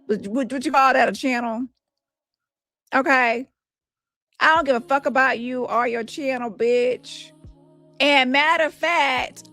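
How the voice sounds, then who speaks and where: A woman with a fairly high voice rants into her phone on a livestream, taunting and cursing at her target. Her delivery is loud and mocking. Faint music plays underneath. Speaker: livestream host. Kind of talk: combative livestream rant.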